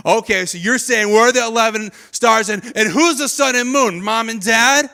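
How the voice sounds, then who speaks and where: A male pastor preaching a sermon in a church, animated and acting out the voices of people in the story. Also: extremely high pitch, normal speed, vocal fry, few pauses. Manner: animated, acts out quoted voices of biblical figures. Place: church stage.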